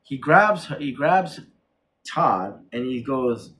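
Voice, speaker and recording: A man reviewing a horror film in casual chat, retelling the plot excitedly with many restarts and corrections. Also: medium pitch, slow pace.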